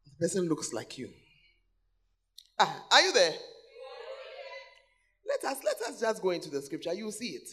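A man preaching a sermon to a church congregation, calling out to the people in the seats and repeating key words, swinging between loud exclamations and low asides. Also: huge pitch swings, normal speed, pauses often, breathy edge. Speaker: pastor. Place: large church hall.

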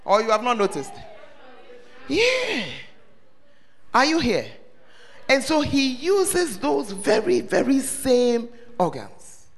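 A man preaching a sermon, quizzing the congregation with questions and breaking into shouts. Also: very high voice, wildly swooping pitch, takes it slowly, long pauses. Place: church service hall. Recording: long reverb of a large hall.

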